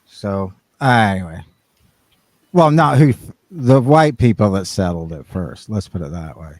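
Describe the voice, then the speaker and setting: A man's voice: on the low side, very animated, unhurried, a little mellow, dry recording. Rambling man, dry close mic. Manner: rambling, restarts often. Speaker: podcast co-host. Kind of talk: casual chat.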